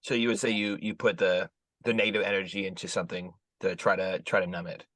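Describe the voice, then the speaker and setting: A man's voice: low-pitched, level tone, fast, no echo. Reassuring male podcast host, dry sound. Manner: gentle, reassuring, repeats words as he searches for them. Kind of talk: interview conversation.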